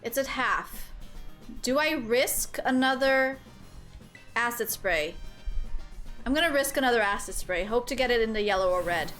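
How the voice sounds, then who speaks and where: Woman streamer, high and animated voice, chatty and rambling, easily thrilled, faint music underneath. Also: normal speed, pauses often. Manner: chatty and rambling, heavy use of "like"; excitable, squeals with delight. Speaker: game streamer. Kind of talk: casual gameplay commentary.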